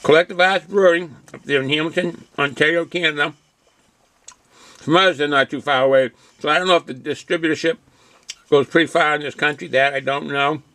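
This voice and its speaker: Older man with a gravelly bright voice. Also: a little high, steady tone, brisk, no echo. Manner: reads a package blurb aloud, then chats loosely while chewing. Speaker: beer reviewer. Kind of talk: casual home video review.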